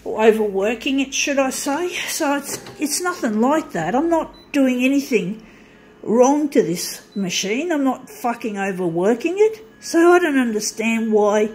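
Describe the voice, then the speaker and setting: A woman's voice: on the high side, expressive, unhurried, darkish tone, a little hiss or hum, rough recording. A woman with an Australian accent who grumbles sarcastically and swears freely in a casual ranting monologue, talking to her viewers over a copier. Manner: profane, sarcastic griping. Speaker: vlogger. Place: room with a running copier.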